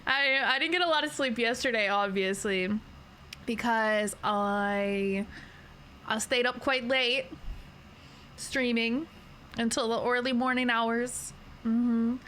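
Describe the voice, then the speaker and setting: A sleepy woman streamer chats casually, rambling and giggling between thoughts. Her voice sits a little high and sounds crisp and bright. She takes her time, drawing the words out at an unhurried pace. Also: a little hiss or hum. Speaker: livestreamer. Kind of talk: casual chat.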